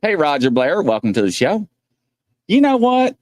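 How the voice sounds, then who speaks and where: A man's voice: on the high side, wildly swooping pitch, normal speed, no room sound, studio quality. A man hosting a casual livestream, rambling and joking as he reads chat comments aloud and greets viewers. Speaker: host.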